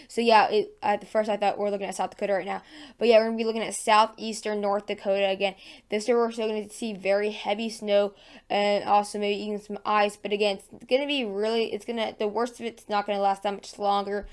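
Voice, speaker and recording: Chatty woman with a smooth morning voice. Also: mid-range voice, little pitch movement, fast talker. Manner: chatty, frequent fillers and self-corrections. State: just-woken morning voice. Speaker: weather channel host. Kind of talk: casual weather forecast vlog.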